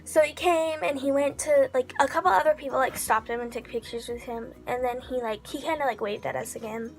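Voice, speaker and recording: A woman vlogger telling a casual, excitable story, full of "like" fillers and slipping into whispers for asides. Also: high voice, brisk. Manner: chatty, heavy use of 'like' fillers.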